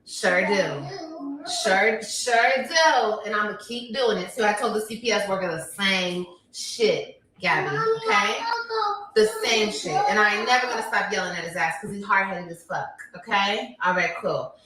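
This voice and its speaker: A woman's voice: medium pitch, animated, normal speed, background noise. A woman, talking bluntly and emphatically on a casual livestream. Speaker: livestreamer, mother. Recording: echoey room.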